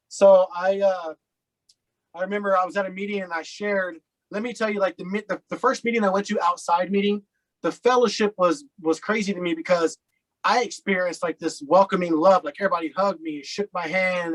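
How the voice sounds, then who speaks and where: Casual interview guest: a man with a slightly high voice, rambling, filler-heavy storytelling. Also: poor audio. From Colorado.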